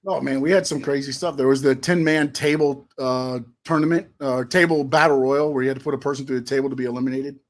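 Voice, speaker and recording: A middle-aged man co-hosting a live show, casually reminiscing and running through names in a quick list. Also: medium pitch, steady tone. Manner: reminiscing, lists names rapidly. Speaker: co-host, wrestling promoter.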